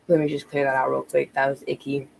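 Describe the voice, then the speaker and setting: A woman's voice: extremely low pitch, monotone, moderate pace, vocal fry, darkish tone, a little hiss or hum, rough recording. A woman tarot reader talking casually on a live stream, rambling with many ums and restarts, a bit out of breath.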